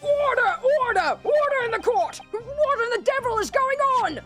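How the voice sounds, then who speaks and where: A woman's voice: very high voice, expressive, normal speed, music in the background, pitched above the performer's own voice. A woman voicing a stern old male judge in a courtroom game, commanding and exasperated.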